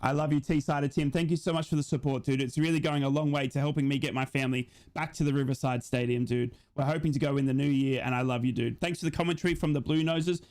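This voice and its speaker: A young man doing a live fan watch-along of a football match, chatting and reading out donations. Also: fairly high pitch. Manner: chatty, reads out donations, yells at goals.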